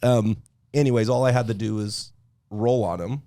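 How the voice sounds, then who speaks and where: A man, a podcast guest, telling stories in a casual, animated way and laughing often. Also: on the low side, normal speed, dry recording, clean studio sound. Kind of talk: casual storytelling.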